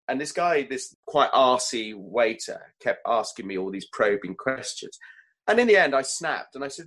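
A man's voice: medium pitch, very animated, normal speed, fairly bright tone, rough recording. Man telling kitchen anecdotes. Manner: anecdotal, self-deprecating, laughs at his own stories. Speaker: chef, interview guest. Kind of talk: relaxed storytelling in conversation.

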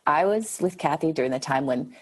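Husky low-voiced woman telling stories. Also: a little fast. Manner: animated storyteller, laughs often, swears. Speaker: guest, pilates studio owner. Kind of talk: casual interview chat.

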